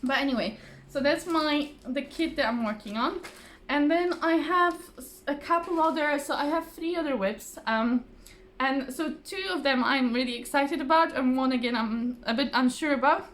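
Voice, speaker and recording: A woman's voice: high voice, moderate pace, hardly any pauses, a bit bright. A woman chatting casually to camera about her craft projects, rambling with fillers and restarts and laughing often, her voice a little tired. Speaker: craft vlogger. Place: home, at a table. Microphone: phone or camera on the table.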